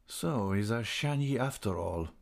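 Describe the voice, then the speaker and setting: A man's voice: on the low side, animated, measured pace, gravelly. A man reading a novel slips into a worldly count chuckling at his younger brother. His lines come out amused and half under the breath.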